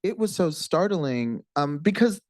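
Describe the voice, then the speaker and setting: An American man, a writer and co-teacher, talking casually and emphatically onstage, swinging high and swearing. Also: animated, a little slow, darkish tone, no echo. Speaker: writer and co-teacher at a panel talk.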